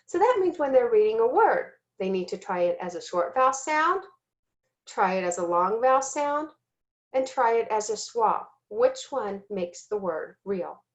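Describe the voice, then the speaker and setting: A woman giving a recorded teaching lesson, speaking slowly and deliberately and sounding out letters and syllables, sometimes correcting herself. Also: on the high side, big pitch swings. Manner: self-corrects with "excuse me". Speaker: teacher trainer.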